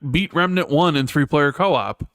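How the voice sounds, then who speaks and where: A man's voice: fairly high pitch, unhurried, fairly bright tone, smooth, no echo. A man co-hosting a casual gaming chat, teasing his partner in a laid-back way with lots of fillers. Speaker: co-host.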